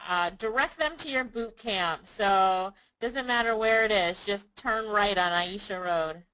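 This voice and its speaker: A woman's voice: mid-range voice, measured pace, sharp tone, clear, resonant tone, rough recording. A woman hosting an interview, encouraging and enthusiastic toward her guest. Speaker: interview host. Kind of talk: casual interview.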